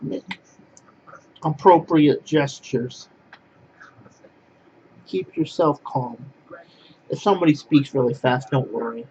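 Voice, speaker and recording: A man's voice: a little high, slow pace, pauses often, darkish tone, lo-fi sound, a little hiss or hum. Blunt, repetitive man ranting on a webcam. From Poland. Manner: blunt, repetitive, restarts phrases. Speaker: vlogger. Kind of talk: casual ranting monologue to camera.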